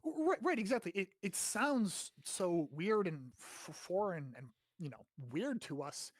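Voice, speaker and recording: A man's voice: high-pitched, very animated, measured pace, no echo, clean studio sound. An American man hosting a casual grammar lesson, explaining in a chatty way, often checking with "right?" and swearing now and then. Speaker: host teaching grammar.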